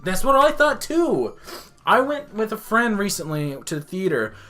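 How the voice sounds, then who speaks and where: A man's voice: high voice, moderate pace, soft background music. A man hosting a casual podcast, telling stories with lots of swearing and acted-out quotes. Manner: animated storyteller, swears, acts out quotes. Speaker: podcast host.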